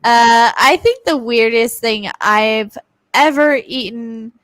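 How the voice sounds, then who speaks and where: A woman co-hosts a casual online chat show, telling her stories in an easygoing way. Her voice sits a little high and she speaks very slowly. The sound is dry and close. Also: a bit bright, dry recording. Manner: laughs often, easygoing storytelling. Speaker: co-host.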